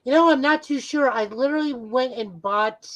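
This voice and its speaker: A man's voice: very high voice, normal speed, fairly bright tone, rough recording. A man co-hosting a casual podcast, talking at length in an enthusiastic, rambling way. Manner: rambling, enthusiastic fan talk. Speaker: podcast co-host.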